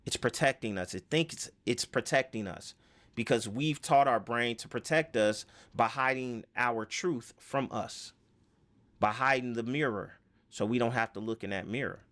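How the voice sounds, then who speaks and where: Guy talking through a self-help lesson, mid pitch, lots of "you know" and "right?". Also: moderate pace, fairly bright tone. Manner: rambling, many fillers and rhetorical questions. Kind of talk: casual spoken lesson.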